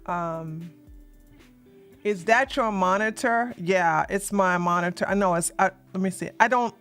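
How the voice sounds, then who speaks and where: Fixing her setup mid-stream, this casual livestream host rambles, gets flustered, and talks to her chat with blunt sass and light cursing. Her mid-range voice is smooth, a bit bright, and unhurried, with faint music underneath.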